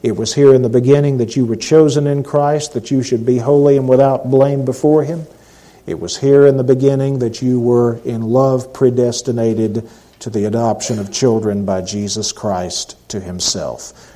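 A man preaching a sermon, emphatic and deliberate, repeating key phrases slowly for stress and at times dropping to a hushed delivery. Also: medium pitch, steady tone, rough recording.

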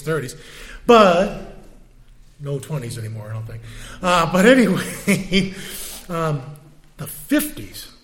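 A man in his sixties preaching a sermon in a conversational way, full of rhetorical questions and asides. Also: high voice. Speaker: pastor.

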